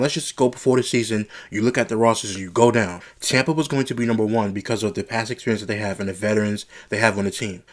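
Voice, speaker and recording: A young man giving a solo sports reaction, blunt and exasperated as he rants about a game. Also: fairly low pitch. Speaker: sports commentator.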